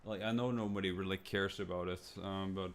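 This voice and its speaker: A man's voice: fairly even intonation, a little fast, slight background noise. A young man streamer venting in a rambling, frustrated way, swearing and stammering through restarts. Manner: jumps to high, loud mimicking when quoting others.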